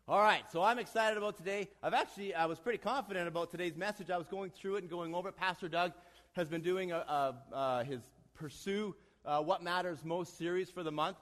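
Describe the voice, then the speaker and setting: Man, lay preacher, direct and self-deprecating, high voice, church hall reverb. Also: brisk, fairly bright tone. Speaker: church leader, occasional preacher. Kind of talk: sermon with a joke and prayer.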